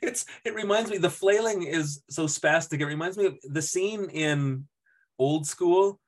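A man's voice: on the high side, measured pace. A man co-hosting a podcast, recapping a TV episode in casual chat, acting out the characters' lines and laughing often. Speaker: podcast co-host.

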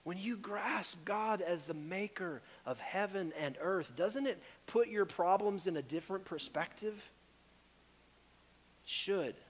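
A pastor preaching a sermon with earnest urgency, rising to loud pleas and dropping to hushed tones. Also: male voice, high voice, measured pace, long reverb tail. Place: church sanctuary.

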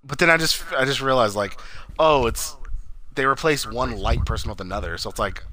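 A man's voice: medium pitch, fairly quick, pushed and bright, a little hiss or hum. A man in casual chat, recapping a show in a rambling, filler-heavy way with crude swearing.

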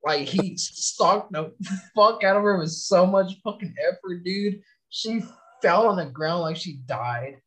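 A man's voice: sits high, lively intonation, a little slow, fairly bright tone. A young man from California, a soldier, telling long profane stories in casual chat. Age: young adult. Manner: profane, rambling storytelling. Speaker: soldier podcast guest.

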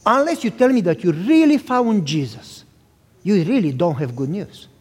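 A man voicing his stern older father, who speaks quietly and gravely, in a reverberant hall. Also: sits high, expressive, moderate pace. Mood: gravely calm.

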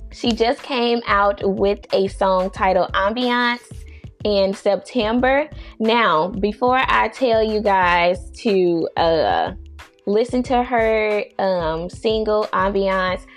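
A woman chatting casually as a podcast host, laughing often and stretching out her words. Her voice sits at a middle pitch, with faint music under the talk. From not from the US East Coast. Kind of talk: casual chat.

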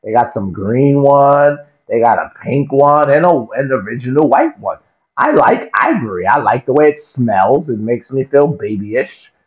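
At a measured pace and medium pitch, a vlogger rants comically to camera, swearing and animated, repeating himself for effect. The recording is dull and lo-fi.

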